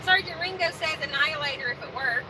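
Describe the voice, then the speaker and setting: A woman's voice: high voice, quick pace, crowd noise, noisy background. A woman co-hosting a casual live stream from a truck cab, reading viewer comments and teasing her partner. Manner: teasing, corrects his pronunciation.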